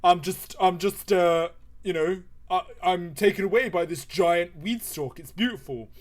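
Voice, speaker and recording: A man voicing a dazed young male chav, talking slowly in a stoned, awed way. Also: high-pitched.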